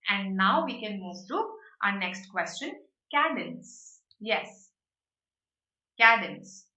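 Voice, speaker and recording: A woman teaching vocabulary in a live online class, lively and explanatory, often checking in with "right?" and "okay". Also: medium pitch, takes it slowly, reverberant, recorded from a distance. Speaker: online exam-prep teacher.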